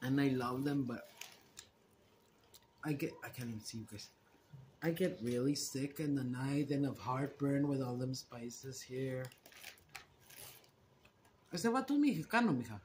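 Hoarse woman with a cold. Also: very deep voice, fairly even intonation, measured pace, pauses often, dark tone, slight background noise. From Texas. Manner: chatty, switches between English and Spanish. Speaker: mukbang live-stream host. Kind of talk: casual chat with viewers.

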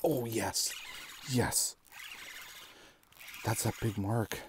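A man giving excitable live commentary while ice fishing from a shelter on a frozen lake, with bursts of cheering and repeated exclamations. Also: lowish voice, very slow, background noise. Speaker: fishing vlogger.

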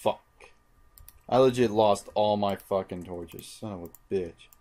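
Speaking at a slow pace in a lowish voice with a dark tone, a young man provides let's play commentary on his own game. The gaming channel host keeps muttering and swearing constantly out of frustration.

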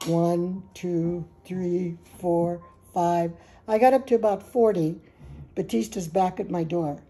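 A woman in her eighties from California telling a funny family anecdote at a small gathering, lively and laughing as she goes. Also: on the low side, slow. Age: 80s. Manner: lively, laughing, animated storytelling. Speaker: family storyteller. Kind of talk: casual anecdote among family.

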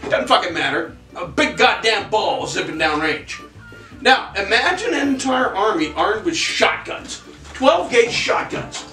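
High animated man telling history. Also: unhurried, far from the mic. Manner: profane, animated, vivid storytelling. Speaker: history podcast co-host. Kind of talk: casual storytelling chat. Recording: echoey room, off-mic, faint music.

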